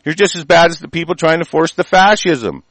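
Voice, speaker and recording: A man's voice: a little high, lively intonation, fairly quick, a bit bright, dry recording, poor audio. A man delivering a heated, rambling political rant, stumbling over words and filling gaps with "uh" and "you know", with occasional profanity.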